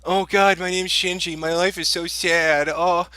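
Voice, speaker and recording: A man's voice: level tone, unhurried, sharp tone, smooth, no echo. A man mocking a whiny teen anime boy. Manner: mocking, moping, high and sulky. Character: whiny, self-pitying teenage boy from an anime.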